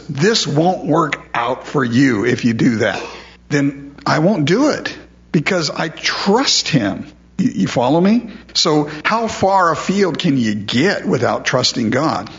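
A man's voice: a little high, lo-fi sound. A man preaching a sermon in a conversational way, asking his listeners questions and repeating words as he goes. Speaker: pastor.

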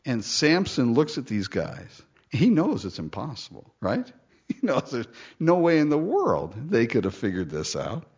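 A man's voice: mid-range voice, measured pace, husky. A man preaching a sermon in a joking way, acting out the story in voices. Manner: animated, joking, acts out the lines in voices. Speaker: pastor. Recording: dull, lo-fi sound.

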